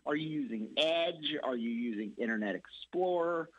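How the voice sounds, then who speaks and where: Male tech guest, husky voice, lively pitch, casual step-by-step advice, dull muffled audio. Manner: casual, halting, explains step by step. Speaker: computer repair expert guest. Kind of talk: radio call-in tech advice.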